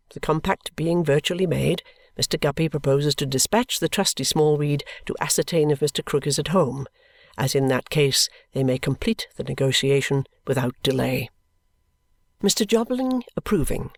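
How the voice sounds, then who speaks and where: Audiobook narrator, classic novel, measured, even delivery, mid pitch, dry recording. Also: dry recording.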